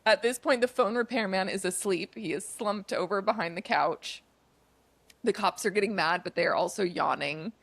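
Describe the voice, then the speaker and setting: Podcast lady with a gravelly voice, animated retelling, lots of "like", dry close sound. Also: medium pitch, moderate pace, no echo. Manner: animated plot retelling, acts out dialogue, frequent "like". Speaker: podcast co-host. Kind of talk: casual chat.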